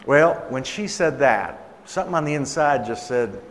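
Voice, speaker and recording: A man's voice: mid-range voice, expressive, moderate pace, a little hiss or hum. A man preaching a sermon, telling a story in a conversational way and acting out the voices of the people in it. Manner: conversational, acts out quoted voices. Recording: long hall reverb.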